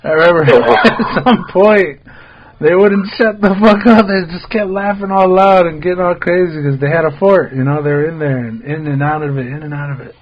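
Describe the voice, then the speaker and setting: A man's voice: on the high side, moderate pace, lo-fi sound. An American man hosting a podcast, telling a rambling story in casual chat, full of "like" fillers and swearing. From United States. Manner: laid-back, rambling, heavy on "like" fillers and swearing. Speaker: podcast host.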